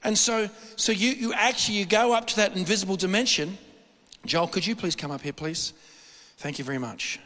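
A man preaching a sermon in a church hall, animated and repetitive, often restarting his sentences. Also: high voice, a little fast. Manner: animated, repetitive, excitable delivery with frequent restarts. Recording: long reverb of a hall.

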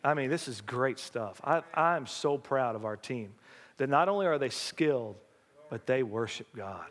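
Pastor preaching folksy in a hall. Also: male voice, medium pitch, normal speed. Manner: folksy, animated preaching with call-and-response. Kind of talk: sermon. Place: church sanctuary.

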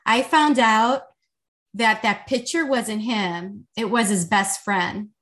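A woman's voice: fairly high pitch, slow. Chatty woman telling a story. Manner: animated, chatty, lots of "like". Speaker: intimacy coach guest. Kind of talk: casual podcast storytelling.

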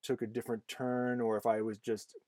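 A man's voice: mid-range voice, little pitch movement, brisk, warm tone, no echo. Chatty man hosting a podcast. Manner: rambling, many fillers and restarts. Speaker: podcast host. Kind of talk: casual conversation.

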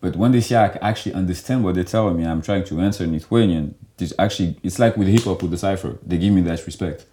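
Deep-voiced man, loose and animated. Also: quick pace, hardly any pauses, a little hiss or hum. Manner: loose and animated, heavy filler "like". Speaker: guest. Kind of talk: casual conversational interview.

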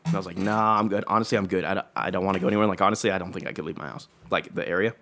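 A man's voice: sits low, steady tone, rapid-fire, vocal fry, a bit bright. A young adult man telling a long personal story in casual chat, rambling with lots of fillers and swearing.

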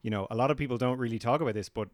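A man co-hosts a casual film podcast with a mid-range voice. He sounds animated and opinionated as he steers the segments, and his voice comes across dry and close with no room sound. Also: mid-range voice, very fast, dry recording. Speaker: podcast co-host.

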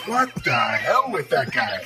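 A man voicing a friendly, chatty male robot with an English accent, rambling and giggling over a loud music bed. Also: mid-range voice, wildly swooping pitch, measured pace. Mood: cheery.

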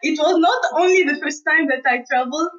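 A woman's voice: high voice, brisk, a bit bright. A woman answering interview questions as a guest scientist, earnest and hesitant, with restarts and light laughs. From Tunisia. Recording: distant, dull remote recording.

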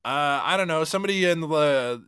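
A man's voice: fairly high pitch, normal speed, fairly bright tone, smooth, no room sound, clean studio sound. A man co-hosting a podcast in casual chat, rambling through stories, laughing often and acting out bits of dialogue. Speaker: podcast co-host.

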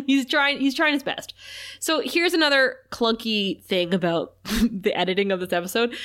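A woman co-hosting a casual recap podcast, animated and laughing often as she retells scenes. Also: a little high. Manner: animated, laughs often, reads quotes in a flat aside voice. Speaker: podcast co-host.

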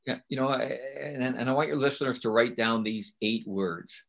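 A man's voice: mid-range voice, normal speed, creaky, few pauses, a bit bright. A man speaking as a guest on a podcast about teaching. He talks emphatically and keeps checking in with rhetorical questions. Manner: emphatic, often asks rhetorical "right?". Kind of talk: casual interview talk.

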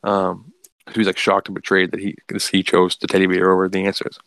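A man's voice: low-pitched, monotone, fast talker, fairly bright tone, dry recording. A man casually recapping a comic book story, rambling with lots of "like" and restarts.

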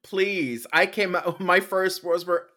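A man's voice: sits high, steady tone, takes it slowly, bright, forceful tone. A young man co-hosting a podcast, trading sassy, campy jabs in casual banter. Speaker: podcast co-host.

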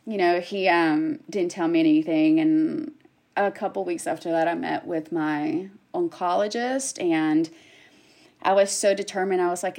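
A woman's voice: fairly low pitch, measured pace. A woman in her thirties talking casually about something that happened to her. She tells it with animation, jumping into quoted lines as she goes. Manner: animated storyteller, acts out quotes. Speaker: guest sharing her story. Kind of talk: casual chat.

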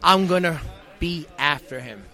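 A man cutting a wrestling promo in an interview, fired up and emotional, shouting and repeating himself. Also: a little high, animated, a little slow. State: hurting, emotional. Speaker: pro wrestler.

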